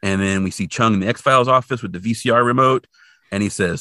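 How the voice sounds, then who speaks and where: A man's voice: lowish voice, quick pace, sharp tone, dry recording, clean studio sound. A man co-hosting a podcast, recapping a TV episode in casual chat and leaping into exaggerated voices when he quotes characters. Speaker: podcast co-host.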